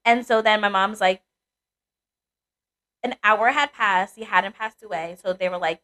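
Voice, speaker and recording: A young adult woman co-hosting a podcast, telling a personal story in casual chat, animated and swearing freely. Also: mid-range voice, a little slow, pauses often. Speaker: podcast co-host.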